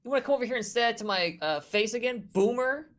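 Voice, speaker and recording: A game master voicing a cocky teenage delinquent in a letterman jacket who taunts and yells insults. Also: mid-range voice, expressive, quick pace, muffled recording, pitched above the performer's own voice, natural voice. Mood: taunting. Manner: taunting, yelling, swearing.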